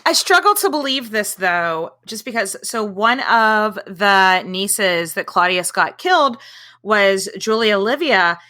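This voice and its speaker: A woman co-hosts a history podcast in loose, irreverent chat, tossing in quick asides. Her voice is bright and forward, with ordinary pitch for a woman. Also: expressive. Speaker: podcast co-host.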